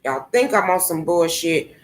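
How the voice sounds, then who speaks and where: A woman's voice: fairly low pitch, animated, normal speed. A young woman vlogging a confrontational, profane rant, taunting and cursing at someone she calls out. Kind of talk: angry profane rant to camera.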